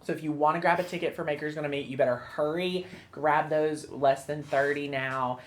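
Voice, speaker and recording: A bubbly woman hosting a crafting live stream, chatting with lots of fillers and excited squeals. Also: low voice, fairly quick. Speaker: host.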